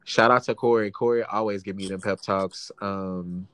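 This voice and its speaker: A man's voice: lowish voice, fairly even intonation, moderate pace, a bit bright, clean tone, dry recording. A young adult man co-hosting a podcast, talking earnestly in slangy casual chat. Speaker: podcast co-host.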